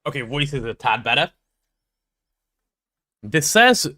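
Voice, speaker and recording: A young man with a posh London accent chats on a live stream, his voice bright and ringing. His pitch climbs and swoops as he reads chat aloud and plays up mock outrage. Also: slow, long pauses. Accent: London English. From England. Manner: chatty and animated, reads chat aloud, playful mock drama.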